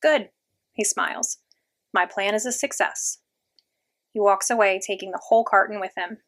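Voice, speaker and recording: A woman's voice: mid-range voice, moderate pace, fairly bright tone. Woman reading a storybook aloud. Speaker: audiobook reader. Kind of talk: first-person storybook narration.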